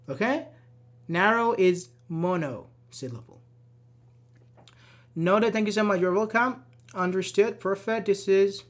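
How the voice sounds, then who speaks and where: A man's voice: high voice, a bit bright. Patient man teaching an online grammar class. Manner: patient, checks understanding with frequent "okay?"; encouraging, praises students' answers. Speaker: English teacher.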